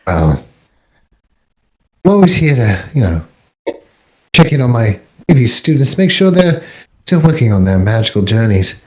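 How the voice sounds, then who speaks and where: A man voicing a polished young male wizard professor in a tabletop game, calm and courteous with a wry touch. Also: mid-range voice, moderate pace, long pauses, lightly acted, rough recording. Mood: reassuring.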